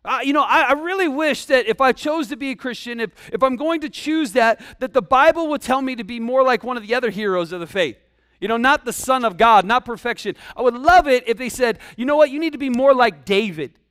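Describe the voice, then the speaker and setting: A man preaching a sermon to his congregation in a lively, conversational way, full of rhetorical questions. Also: very high-pitched, fairly quick, smooth, no room sound, studio quality. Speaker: pastor. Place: church sanctuary.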